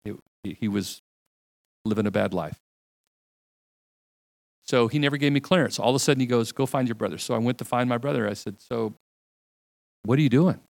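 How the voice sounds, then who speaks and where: A middle-aged man preaching a sermon in a conversational, storytelling manner, dropping his voice low when he quotes dialogue. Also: a little fast, gravelly, long pauses, darkish tone, no echo. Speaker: pastor.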